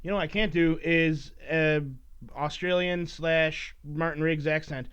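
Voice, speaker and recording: Man, solo podcast host, rambling, profane, high voice, dull lo-fi sound. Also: fairly even intonation, unhurried, a bit bright, smooth. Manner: rambling, profane, mock-scolding his listeners. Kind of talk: casual solo podcast monologue. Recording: dull lo-fi recording.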